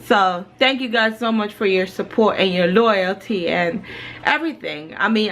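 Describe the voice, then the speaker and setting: Woman, 30s, from Jamaica, family vlogger; rambling casual talk to camera at home, mid pitch. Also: measured pace, a bit bright, poor audio. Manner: chatty and rambling, many "you know"s. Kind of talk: casual vlog chat to camera.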